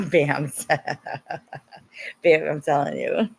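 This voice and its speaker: A woman hosts a casual livestream and talks straight to her viewers. Her voice sits a little low in pitch, and she gets animated, swearing freely and mimicking her critics in mocking tones. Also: very slow, vocal fry, breathy edge. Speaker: livestream host.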